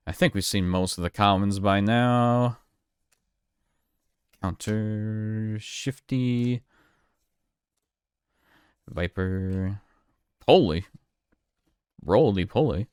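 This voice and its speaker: Smooth-voiced man chatting through an unboxing. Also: on the low side, takes it slowly, long pauses, no echo, clean studio sound. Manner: relaxed, chatty, thinking aloud with fillers and restarts. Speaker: card collector streamer. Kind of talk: casual unboxing commentary.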